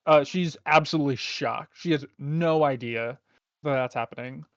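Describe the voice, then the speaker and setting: A man's voice: a little high, moderate pace, dry recording. A man narrating a tabletop game as game master, in a laid-back, rambling way with many fillers, heard on a dull, lo-fi recording.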